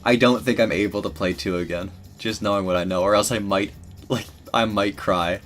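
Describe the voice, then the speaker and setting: A man with a fairly low voice talks through his feelings in a loose, rambling stream of thought. He restarts his sentences often and gets tearful in places. Faint music plays quietly behind him. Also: fast. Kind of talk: casual rambling commentary.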